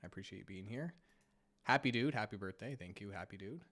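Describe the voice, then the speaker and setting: Man, Canadian, low-ish voice, getting over a cold, casual live stream host, chatty, laughs easily. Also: fast talker, fairly bright tone. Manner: chatty, self-deprecating, laughs often. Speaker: finance channel host.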